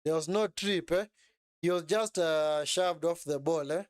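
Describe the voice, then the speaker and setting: This excitable streamer commentates on a football match live, chatting away, repeating himself and tacking "eh?" onto his lines. He speaks at a measured pace in a smooth, clear, slightly high voice. The recording is close and dry, without echo or room.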